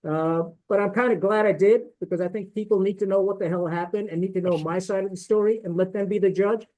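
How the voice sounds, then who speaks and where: A man's voice: high voice, steady tone, fast talker, dark tone, dull audio. A middle-aged man, a retired military officer, speaking as a podcast guest and telling his story bluntly and indignantly, swearing often and tagging his points with "right?". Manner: blunt, profane and indignant, with frequent fillers and "right?" tags. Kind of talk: candid storytelling in a podcast conversation.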